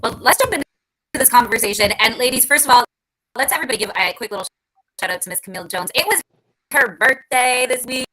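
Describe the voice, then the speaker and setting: A woman's voice: fairly high pitch, expressive, fast talker, sharp tone, rough recording. A woman hosting a casual panel talk, upbeat and encouraging, her voice coming through a garbled, robotic-sounding mic. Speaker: host.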